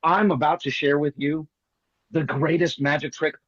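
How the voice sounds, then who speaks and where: A man performing as a magician, telling jokey stories in quick comic patter over a video call. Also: a little high, fairly even intonation, a bit bright, dry recording, highs cut off. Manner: rapid joking storyteller, playful teasing. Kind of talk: comic patter on an online show.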